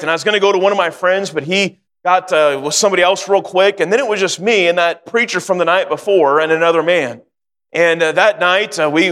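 A male preacher with a notably high voice delivers a sermon, moving from an earnest personal story to fervent exhortation. His words ring out with a long hall reverb trailing behind them. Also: a bit bright.

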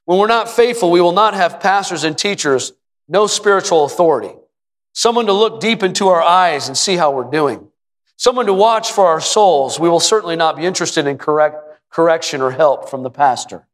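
Male pastor, high voice, emphatic repetitive sermon delivery, church hall echo. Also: expressive, brisk. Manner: preaches with rising emphatic repetition, sometimes shouting. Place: church sanctuary. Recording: long hall reverb.

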